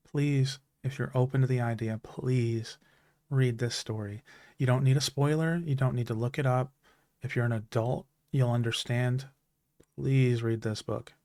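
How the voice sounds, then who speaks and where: Here a man speaks at medium pitch with a darkish tone, in a clean studio recording without echo. In his thirties and streaming, he chats casually and heartfeltly about meaningful stories, frequently backing up to restart.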